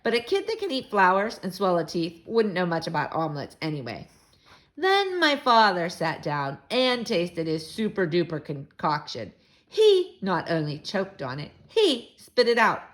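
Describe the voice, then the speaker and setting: A woman reading a children's book aloud to young listeners, with expressive, animated storytelling. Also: on the low side, normal speed.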